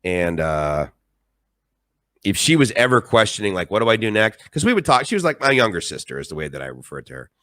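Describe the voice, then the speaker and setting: A man's voice: deep voice, wildly swooping pitch, brisk, a bit bright, dry recording. A middle-aged man telling stories on a live stream in a rambling, emphatic and emotional way. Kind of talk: casual live-stream monologue.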